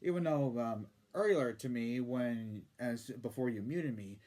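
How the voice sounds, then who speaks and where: A man's voice: mid-range voice, unhurried, warm tone. Sarcastic, profane male commentator. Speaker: YouTube commentator. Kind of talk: casual commentary rant.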